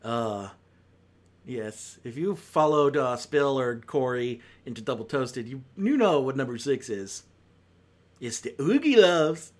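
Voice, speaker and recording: A man talking casually through a countdown of bad films, rambling and sardonic, with exasperated high-pitched outbursts. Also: animated, measured pace. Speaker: film reviewer.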